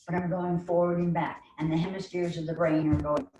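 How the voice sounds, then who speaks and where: A woman with a New York accent leading a guided chair yoga class online, giving slow, soothing cues with playful asides. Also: on the low side, little pitch movement, mellow. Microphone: online video call. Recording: roomy, distant mic, faint noise.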